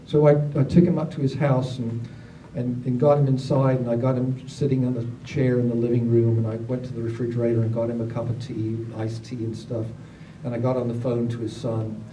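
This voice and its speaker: Man, very dark timbre, animated storyteller, roomy and distant recording with faint noise. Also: medium pitch, fairly quick, few pauses. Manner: animated, acts out other people's lines in raised voices. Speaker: storyteller at a gathering. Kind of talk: casual spoken storytelling.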